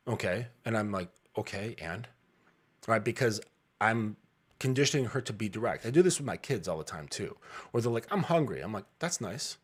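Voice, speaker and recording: A man in his thirties, a dating coach, talking bluntly and casually with frequent profanity and laughs. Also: fairly low pitch.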